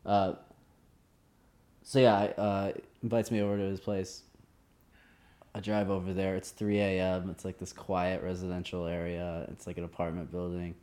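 A man's voice: deep voice, level tone, moderate pace, darkish tone. A man telling a story in casual chat, joking and laughing often as he talks.

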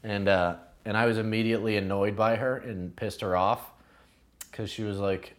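Male, low voice, casual chat, animated storyteller who acts out quotes. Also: moderate pace.

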